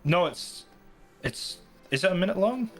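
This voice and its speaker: A man's voice: high-pitched, animated, unhurried, faint music behind. A man guest-hosting a live stream, talking casually and hesitantly with many restarts. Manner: hesitant, full of restarts, laughing easily. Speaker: guest co-host.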